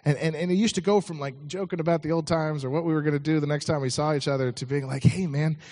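A man's voice: a little high, fairly even intonation, fast, darkish tone. A man preaching a sermon, telling a story in a conversational way with frequent restarts.

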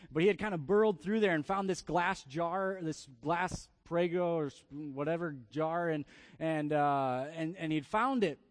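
A man in his thirties, a pastor preaching a sermon through a family story, often repeating words in quick bursts. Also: fairly high pitch, no echo.

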